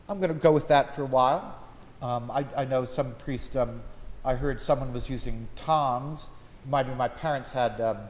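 A man's voice: medium pitch, a little mellow. A man preaching an informal sermon as a priest, chatty, with homely stories. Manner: conversational, folksy storytelling. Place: church. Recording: long church reverb, faint background hum.

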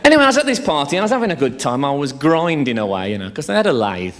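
A man's voice: on the high side, sing-song, very fast. A man doing a live stand-up routine on a theatre stage, telling bawdy, swear-laden stories in a chatty way. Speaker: stand-up comedian.

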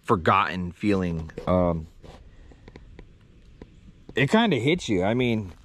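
A man hosting a paranormal vlog, talking in a hushed, halting, emotional way at a cemetery. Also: sits low, big pitch swings. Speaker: paranormal vlogger host. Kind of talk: casual ghost-hunting vlog commentary. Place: outdoors and in a car at a cemetery.

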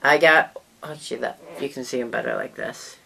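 A woman's voice: extremely low pitch, normal speed, creaky, a bit bright, slight background noise. A woman vlogger in a casual show-and-tell talk to the camera, chatty and rambling, often trailing off mid-sentence.

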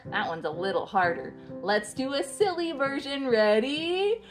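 A woman's high, lively voice models short phrases for toddlers very slowly, rising and falling in a playful sing-song. She repeats each sentence with cheer and makes animal noises, with soft guitar music underneath. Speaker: speech teacher for toddlers.

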